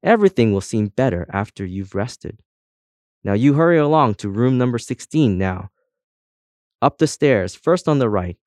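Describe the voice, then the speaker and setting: A man's voice: mid-range voice, lively intonation, normal speed, a little mellow, dry recording, studio quality, lightly acted. A man voicing a kindly fussy sheriff. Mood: soothing.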